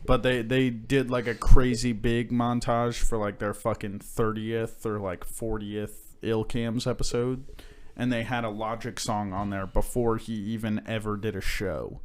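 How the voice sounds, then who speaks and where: A man's voice: on the low side, little pitch movement, a little slow, smooth. A young man co-hosting a podcast, telling stories in a loose, rambling way with lots of fillers and swearing. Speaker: podcast co-host. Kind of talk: casual chat.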